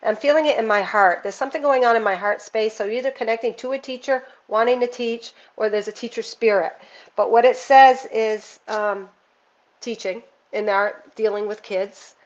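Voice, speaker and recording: A woman's voice: a little high, brisk, lo-fi sound. A woman giving a casual, earnest spiritual card reading, talking straight to one viewer in an intuitive way.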